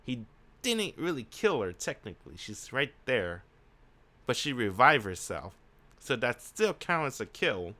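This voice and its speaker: A man reading a visual novel aloud and reacting with excitable, sweary commentary, breaking into shouts. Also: medium pitch, measured pace. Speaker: video game reader. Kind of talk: casual let's-play commentary.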